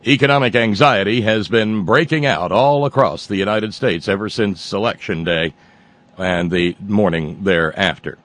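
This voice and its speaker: A man's voice: on the low side, normal speed, fairly bright tone, dry recording, close to an everyday voice. A man doing a mock-solemn newscaster voice, grave and formal in an emphatic announcer manner.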